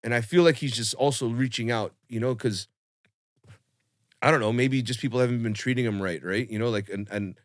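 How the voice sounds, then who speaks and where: A young man telling a long personal story on a podcast in a casual, animated way, full of swearing and fillers. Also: medium pitch, a little fast, dry recording, clean studio sound. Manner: animated, swearing, lots of fillers, acts out quotes.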